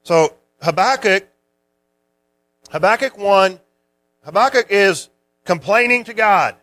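A man with a notably high voice preaches in an easygoing, conversational way. He explains scripture verse by verse, pausing and rephrasing as he goes. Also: expressive, sharp tone, no room sound. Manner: conversational Bible teaching with restarts. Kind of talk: sermon.

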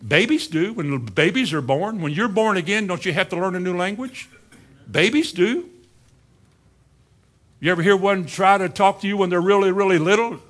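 A man delivering a sermon in a fairly high voice. He peppers the congregation with rhetorical questions and slips into dry sarcasm. He drops into quiet asides, then climbs back up for emphasis. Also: quick pace, few pauses. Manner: swings between quiet asides and rising emphasis. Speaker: preacher.

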